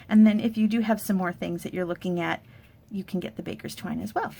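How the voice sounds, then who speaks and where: A card-making demonstrator with a brisk, gravelly, slightly mellow medium-pitched voice leads a casual crafting tutorial. She chats upbeat as she walks through the supplies and steps of a paper craft project, like a product walkthrough.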